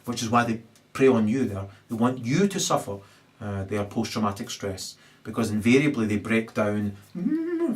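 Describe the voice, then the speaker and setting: A man rants in a long monologue, profane and emphatic. He stops and restarts his sentences often, and his voice sits at an ordinary mid pitch. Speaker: comedic commentator.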